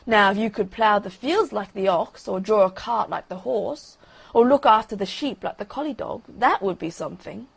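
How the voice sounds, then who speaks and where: A woman's voice: mid-range voice, normal speed, creaky, slightly rough. Woman putting on a chatty, peaceable duck lady. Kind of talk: bedtime story reading.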